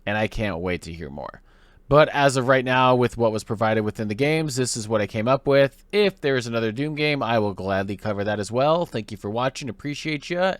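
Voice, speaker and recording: A man's voice: medium pitch, expressive, brisk, no room sound. A man hosting a gaming lore video essay, explaining in a conversational way. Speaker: host.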